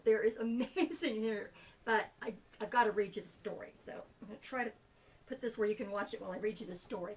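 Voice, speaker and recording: A woman's voice: on the high side, far from the mic, poor audio. A woman hosting a casual show-and-tell, bubbly and enthusiastic, then reading a story aloud. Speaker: host.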